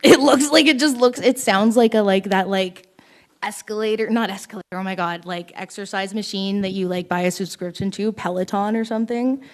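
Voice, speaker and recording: A young woman performs stand-up at a small open mic night, her voice sitting at an ordinary middle pitch. She wanders through her stories in a rambling, self-deprecating way and giggles as she goes. Her voice is picked up by a stage mic in a small room. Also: a little fast. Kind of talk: stand-up comedy set.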